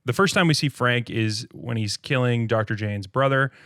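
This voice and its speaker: A man in a casual movie-review chat walks through a film's scenes with animated storytelling. His voice sits at a middle pitch and is recorded close on a dry mic, and he breaks into laughter often. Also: normal speed, dry recording. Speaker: podcast co-host.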